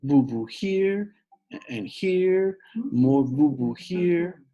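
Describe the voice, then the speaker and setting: Wild little toddler boy with a squeaky, husky babble, put on by a man reading a storybook. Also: expressive, mellow, lo-fi sound, exaggerated voice. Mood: babyish. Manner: high babyish squeals, drawn-out words. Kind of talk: audiobook reading aloud.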